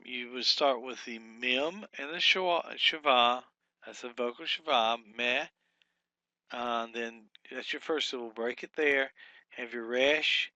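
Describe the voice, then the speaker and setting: A man teaching a workbook lesson, talking slowly and deliberately with frequent fillers and repeated words. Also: mid-range voice, pushed and bright, dry recording, muffled recording.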